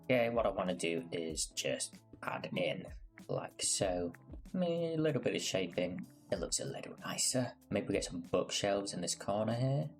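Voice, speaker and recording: A man's voice: sits low, big pitch swings, normal speed, vocal fry, soft background music. A man giving casual gameplay commentary as a gaming creator, playful, rambling and self-mocking.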